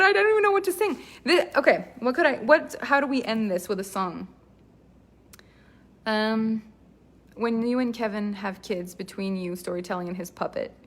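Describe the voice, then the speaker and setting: A woman's voice: medium pitch, moderate pace, fairly bright tone. A woman coaching voice acting in a live online class, talking in an enthusiastic, chatty, rambling way.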